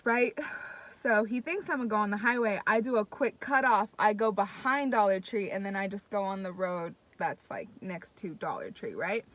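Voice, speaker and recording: A young woman telling a story to her viewers in casual, excitable, profane chat, talking straight to the audience. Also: medium pitch, moderate pace. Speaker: vlogger.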